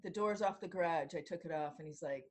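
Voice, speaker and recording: Animated, laughing middle-aged woman storyteller. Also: lowish voice, fast talker. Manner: animated, laughs often, acts out quotes. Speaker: podcast guest. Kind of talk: casual storytelling in an interview.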